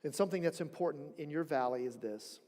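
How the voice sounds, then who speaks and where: A man preaching a sermon as pastor, telling a story in an animated way and acting out the people he quotes. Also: a little high, fast talker. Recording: long church hall reverb.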